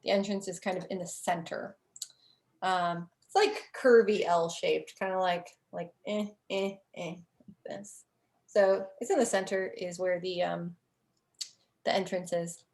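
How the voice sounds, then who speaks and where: A woman game master narrating a tabletop game in a relaxed, rambling way full of fillers. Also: lowish voice, a little slow.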